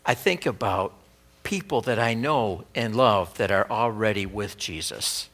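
A male pastor preaching a sermon in an earnest, emphatic way, dropping soft and low on key words. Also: lively intonation, measured pace.

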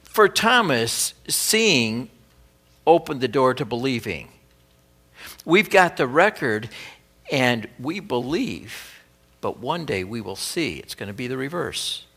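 A male pastor preaching a sermon in an earnest, emphatic way, dropping soft and low on key words. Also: sing-song, takes it slowly, creaky.

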